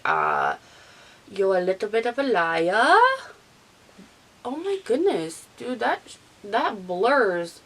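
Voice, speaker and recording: Her voice is lowish, gravelly and fairly bright, with an allergy-induced nasal stuffiness. She's a beauty vlogger in her thirties, rambling chattily about her makeup routine as she puts it on. The audio is low quality.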